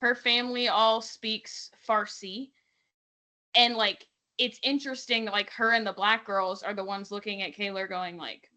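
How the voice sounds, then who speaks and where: A young woman co-hosting a podcast, recapping reality TV in casual chat, animated and full of "like" and quoted voices. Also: on the high side, normal speed. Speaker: podcast co-host.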